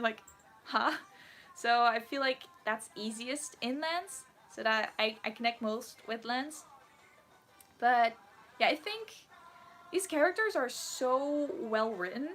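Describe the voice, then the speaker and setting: A cosplayer woman chats casually on a livestream, reading comments aloud and answering them. She has a fairly high voice and keeps giggling as she rambles, with a playful, dramatic edge. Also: fairly bright tone. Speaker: cosplayer streamer.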